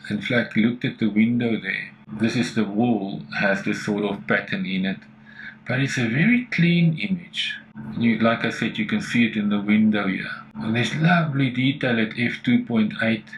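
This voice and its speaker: A man's voice: lowish voice, moderate pace, a little hiss or hum, rough recording. A man teaching photo editing, talking enthusiastically and thinking aloud as he adjusts settings. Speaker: photography tutor. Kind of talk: screen-recorded editing tutorial.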